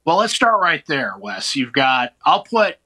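Man, from central new york, sports radio guest, very bright sharp tone, slightly high voice, upbeat and joking. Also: big pitch swings, measured pace, low-quality recording. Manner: upbeat, joking, plugs and banter. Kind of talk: casual sports talk.

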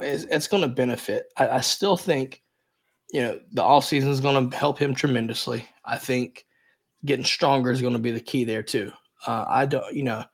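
Guy co-hosting a sports podcast, rambly, lots of hedging, casual. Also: medium pitch. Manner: rambling, hedges a lot with repeated fillers. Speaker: podcast co-host.

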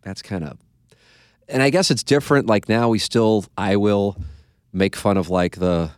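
A man's voice: on the low side, normal speed, clear, resonant tone, dry recording, studio quality. Rambling, profane podcast host man. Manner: rambling, profane, trailing off into asides. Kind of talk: casual chat.

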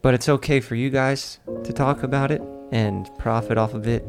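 A man from Staten Island, delivering an animated, profane, mock-outraged monologue as a podcast host, with faint music behind him. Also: mid-range voice, moderate pace. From Staten Island, New York. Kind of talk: ranting comedic monologue. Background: faint sad music.

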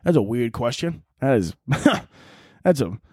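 A man doing a crude, rambling comedy monologue as a podcast host, now and then shouting out other people's lines. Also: mid-range voice, very animated, measured pace, dry recording, clean studio sound. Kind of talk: comedic monologue answering listener questions.

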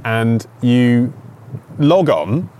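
Guy hosting a podcast, teasing, bouncy lively voice. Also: medium pitch, drawn-out words, slight background noise. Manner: playful, teasing, animated storytelling. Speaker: podcast host. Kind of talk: casual chat.

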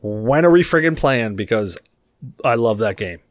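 A man co-hosting a gaming podcast in casual chat, animated and joking. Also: no room sound. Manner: animated, joking, quick swings in pitch. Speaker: podcast co-host.

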